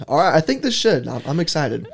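A man who produces a podcast, interviewing its host in a studio, talking in a laid-back, rambling way that often trails off quietly. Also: a little high, creaky, husky. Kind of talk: casual interview chat.

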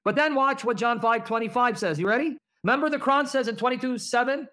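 A man's voice: very high-pitched, fast, bright, forceful tone. Emphatic man reading and arguing scripture. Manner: emphatic, asks the audience rhetorical questions. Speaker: Christian apologist. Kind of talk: apologetics teaching with scripture reading.

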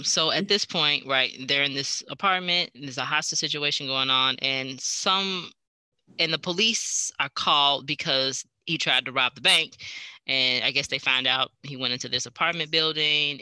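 A woman's voice: extremely low pitch, moderate pace, clear, resonant tone, dry recording. A woman librarian chatting casually about a book, retelling scenes and acting out quoted lines. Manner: animated, acts out quoted lines. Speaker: librarian co-host.

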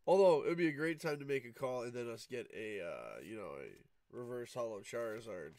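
A man hosting a card-opening video, talking in a sleepy, low-key, fairly monotone way, groggy from just waking up. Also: brisk. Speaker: card-opening channel host. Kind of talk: casual pack-opening commentary. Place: home room at night, cat nearby.

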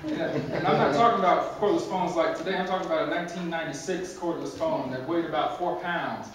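A man's voice: a little high, fast talker, crowd noise. A man preaching a conversational sermon with humor, repeating words and chuckling at his own jokes, in a church. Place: church sanctuary. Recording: very echoey hall from far off.

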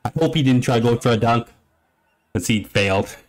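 A man's voice: mid-range voice, moderate pace. A young man giving a casual play-by-play reaction, rambling and joking with frequent exclamations. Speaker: reaction commentator.

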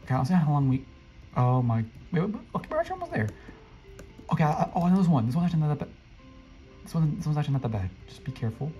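A man commenting casually on his gameplay, excitable and flustered, often talking to the other players. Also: fairly high pitch, rapid-fire, low-quality recording. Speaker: gameplay streamer. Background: faint game music.

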